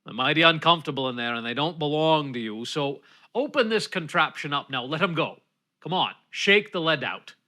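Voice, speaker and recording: A man voicing a surly, gruff old male sea serpent in a spoken story, low and growling. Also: lively intonation, moderate pace, sharp tone. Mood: threatening.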